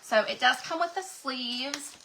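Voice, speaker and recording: A woman's voice: sits high, measured pace, background noise. A woman hosting a craft livestream, chatting and gushing to viewers, her voice cracking from a sinus infection. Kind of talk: casual livestream chat to viewers.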